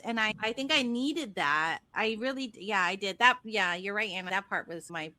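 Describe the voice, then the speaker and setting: Bright, chatty woman co-host. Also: medium pitch, normal speed, few pauses, no echo. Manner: chatty, agreeable. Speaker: podcast co-host. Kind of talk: casual podcast chat.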